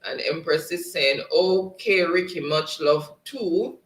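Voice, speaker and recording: A man's voice: a little high, takes it slowly, a bit bright. A man hosting a live stream in casual chat, reading out viewer comments and often laughing. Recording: roomy, distant mic.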